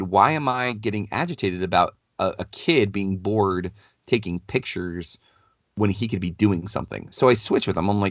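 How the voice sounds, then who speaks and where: Casual podcast co-host, man, middle-aged, deep and dry-sounding, talks loose with lots of fillers. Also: normal speed, no room sound. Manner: animated, rambling, many "like" fillers. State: has a cold, clears throat. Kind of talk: casual storytelling chat.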